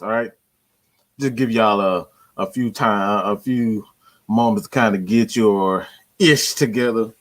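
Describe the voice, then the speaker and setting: A man's voice: fairly low pitch, unhurried. A man hosting a fan channel, ranting about his team with slang, swearing and lots of repetition. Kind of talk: profane sports fan rant.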